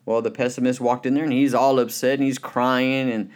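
A man delivers a motivational Christian talk at a mid-range pitch. He sounds earnest and conversational. He leans on "you know" fillers and brings his stories to life with quick acted voices. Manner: tells anecdotes with lively acted quotes. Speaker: speaker.

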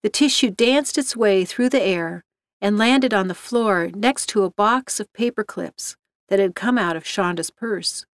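A woman reading a scripted story aloud in an even, measured way. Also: mid-range voice, no echo, studio quality. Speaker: narrator.

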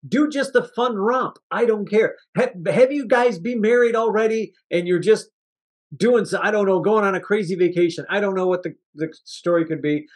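A man's voice: sits high, normal speed. A man co-hosting a movie review podcast, chatting casually and acting out scenes from the film with laughter. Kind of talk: casual chat.

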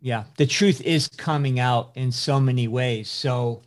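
A man's voice: mid-range voice, steady tone, unhurried. A man hosting an interview, hesitant and agreeable as he asks questions. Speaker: interview host. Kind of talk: interview talk.

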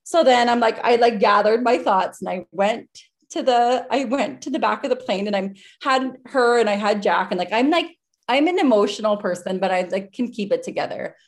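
A woman in her thirties with a voice on the high side tells a story at normal speed as a guest on a podcast, joining by video call. She's casual and chatty, retelling breathlessly with plenty of filler words, especially "like."

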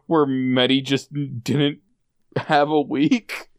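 A man in casual chat, teasing his friend in a drawn-out way. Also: mid-range voice, level tone, clear, resonant tone, no room sound, studio quality.

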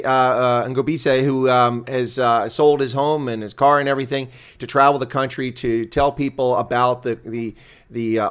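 A man hosting a live stream interview, speaking in a measured way as he lists figures and reads out viewer questions. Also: mid-range voice. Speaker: host.

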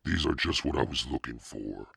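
A man voicing a frightened, stubborn young girl who speaks in a shrill, breathless way. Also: animated, normal speed, creaky, a bit bright, slightly rough, dry recording, clean studio sound, exaggerated voice. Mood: scared, shrill.

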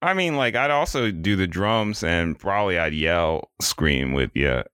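A man's voice: sits low, lively intonation, a little slow, a bit bright, clean tone, no room sound. A young adult man co-hosting a podcast, joking dryly and rambling through casual chat. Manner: dry joking, rambling explanations. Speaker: podcast co-host.

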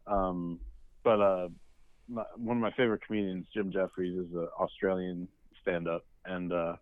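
A man's voice: low voice, level tone, moderate pace, dry recording. A man co-hosting a podcast, telling anecdotes in casual movie chat. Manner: chatty, storytelling, with fillers. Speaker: podcast co-host. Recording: dry, tinny phone-like line.

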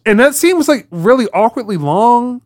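A man's voice: very high voice, big pitch swings, moderate pace, no room sound, studio quality. A man hosting a podcast in casual chat, rambling and acting out quotes as he goes. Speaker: podcast host.

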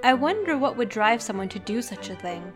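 A woman's voice: fairly high pitch, sing-song, fairly quick, over music. A woman voicing a spirited young Regency lady who speaks in a formal, prim, slightly stubborn way.

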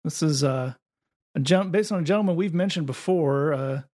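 A podcast host with a slightly high voice speaks at normal speed in a casual chat. His delivery is sardonic and mocking, and he reads out quotes in an animated way.

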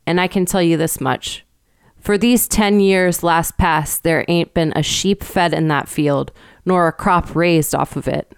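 A woman's voice: on the low side, fairly even intonation, measured pace, clear, resonant tone, dry recording, clean studio sound. Woman doing grave old country shepherd. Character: gruff old rustic male shepherd, grave and superstitious. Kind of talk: storybook reading.

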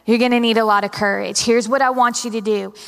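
A young woman preaches from the stage of a large church, her fairly high voice carrying a long hall reverb. She tells personal stories with a dramatic, animated flair and speaks straight to the congregation. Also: fast talker, vocal fry, clear, resonant tone. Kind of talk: sermon.

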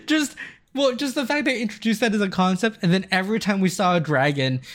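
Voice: mid-range voice, lively intonation, fairly quick, a bit bright. A podcast co-host riffs in giggly, sarcastic chat. The voice swings widely up and down as the jokes pile on. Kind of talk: casual chat.

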